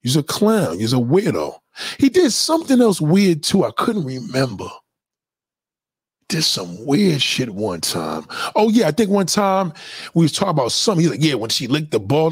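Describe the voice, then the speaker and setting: Animated, profane man with a lively voice. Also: fairly high pitch, normal speed, slightly rough, no room sound, clean studio sound. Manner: animated, profane, mocking commenters. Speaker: livestream host. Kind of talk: casual livestream rant.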